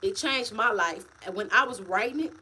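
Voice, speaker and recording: A woman author talking casually to her livestream viewers, animated and repetitive, calling them y'all. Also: mid-range voice, moderate pace, husky, low-quality recording. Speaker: author and vlogger. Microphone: phone or webcam, livestream.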